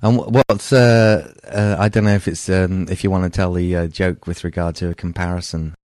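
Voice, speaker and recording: Deep-voiced talk show host. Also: male voice, steady tone, darkish tone, no room sound, clean studio sound. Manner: halting, rambling, many pauses. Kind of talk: casual radio talk chat.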